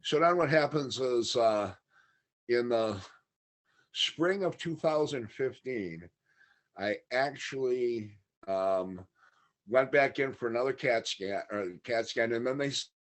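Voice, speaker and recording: A man's voice: medium pitch, slow pace. A man talking as a podcast guest, telling a long personal story in a candid, matter-of-fact way. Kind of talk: casual interview storytelling.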